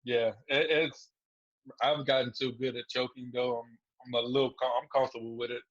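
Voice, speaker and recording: A man's voice: medium pitch, flat delivery, a little fast, highs cut off. A man guest on a podcast, telling stories casually and laughing through them. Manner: laid-back, laughs through his stories. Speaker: guest fighter. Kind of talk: casual storytelling interview.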